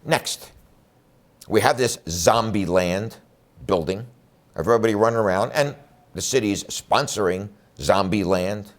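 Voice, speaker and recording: A man running for district attorney, speaking bluntly and emphatically in a campaign address. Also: lowish voice. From Philadelphia area. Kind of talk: campaign speech to camera.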